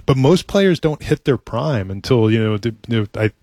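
A middle-aged man, a baseball team executive, talking in a casual interview, earnest and halting, with many restarts and "you know"s. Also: medium pitch, lively intonation, darkish tone, no echo.

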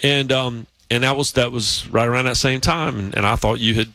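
A man's voice: medium pitch, steady tone, a little fast, bright, forceful tone, no echo. A man hosting a sports talk show, telling long stories in a casual, rambling way. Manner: storytelling, rambling with restarts. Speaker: podcast host.

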